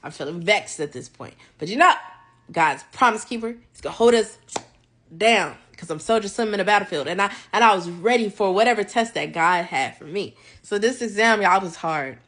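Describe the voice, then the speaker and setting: A young woman vlogging a casual faith testimony, animated and acting out her conversations with God. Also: medium pitch, moderate pace.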